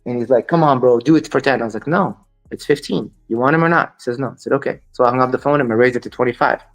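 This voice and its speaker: A man with a mid-range voice talks at a racing pace over light background music. He's a guest on a storytelling interview, a blunt dog breeder who brushes off his critics and quotes other people in dialogue.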